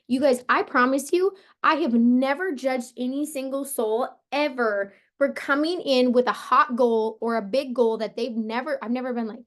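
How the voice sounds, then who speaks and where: A woman with a hoarse, partly lost voice, coaching her sales team on a motivational call in a casual, upbeat way, full of "like" and "you guys". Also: high-pitched, normal speed, hardly any pauses. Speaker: team leader coaching sellers.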